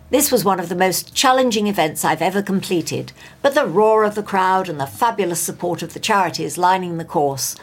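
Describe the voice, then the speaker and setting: A woman reading a local news bulletin in a steady, measured way. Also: lowish voice. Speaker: local radio news presenter.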